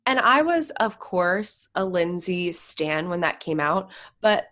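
A woman's voice: fairly low pitch, takes it slowly. A woman co-hosting a podcast, chatting casually and animatedly about celebrity gossip, with many "like"s. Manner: animated, gasps and laughs, frequent "like". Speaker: podcast co-host.

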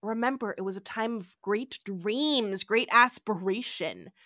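A woman's voice: medium pitch, a little slow, sharp tone, no echo, studio quality. A woman casually voicing an arrogant male tyrant in her own everyday voice. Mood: smug. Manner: casual paraphrase, pompous.

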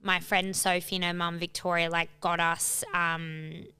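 A woman's voice: lowish voice, level tone, measured pace, pushed and bright, clean tone. A young woman co-hosting a podcast, telling a family story in a rambling casual way with lots of "like" and some swearing. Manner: rambling, heavy use of "like", swearing. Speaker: podcast co-host.

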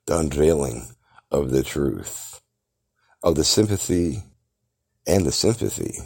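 A man's voice: rumbling low, vocal fry, darkish tone, breathy edge. A man hosting a podcast, delivering a grandiose, theatrical monologue that lectures the listener. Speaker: podcast host. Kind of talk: grandiose self-promoting monologue.

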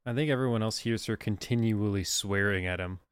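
A man playing a tabletop game, describing his character with loud, sweary outbursts. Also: fairly low pitch, a little fast, smooth, dry recording, studio quality, natural voice. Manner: loud, sweary, from further off the mic. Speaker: player.

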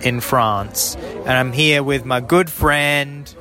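Canadian male podcast host, animated storyteller, crisp bright delivery. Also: medium pitch, slow, faint music behind. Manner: animated storyteller, mimics voices. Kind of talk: casual travel chat.

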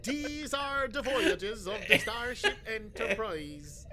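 A stately starship captain intones his ship's mission word by word, slow and grand, a man doing the voice. The tone rings bright and clear. It is a knowing podcast send-up of a familiar speech. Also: very high-pitched, very animated, voice pushed up, heavily acted. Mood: grandiose.

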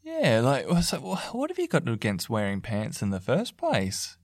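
A man's voice: medium pitch, huge pitch swings, moderate pace, no room sound, studio quality. A man speaking as a parenting counselor in a mock counseling session, earnest and coaxing, with lots of fillers and restarts.

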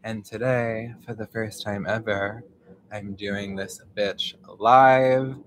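A young man hosts a live podcast from outdoors, talking in a loose, rambling way, full of fillers and the odd swear. His voice sits fairly low, and he takes his time, drawing out his words at a slow, unhurried pace. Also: fairly even intonation, background noise. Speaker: podcast host. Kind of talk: casual live podcast monologue.

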